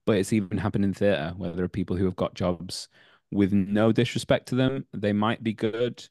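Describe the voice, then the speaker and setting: A man's voice: on the low side, steady tone, moderate pace, a little mellow, dry recording, studio quality. A man in his thirties, an actor guest on a podcast, talking casually and rambling through many fillers and restarts. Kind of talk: casual interview chat.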